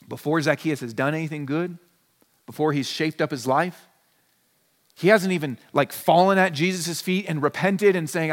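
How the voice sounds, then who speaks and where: A pastor preaches in a casual, conversational way, slipping into quick imagined exchanges to make a point. His voice sits fairly high for a man. The sound carries a long reverb from the church hall. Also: expressive, fairly bright tone. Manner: conversational preaching, acts out little dialogues. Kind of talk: sermon. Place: church sanctuary.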